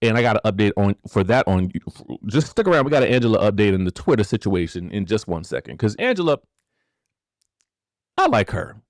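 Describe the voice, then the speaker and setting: A man hosting a casual celebrity gossip commentary, animated and rhetorical, who keeps asking the viewers questions and checking in with them. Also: on the low side, a little fast, no room sound, studio quality. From rural area. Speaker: gossip show host.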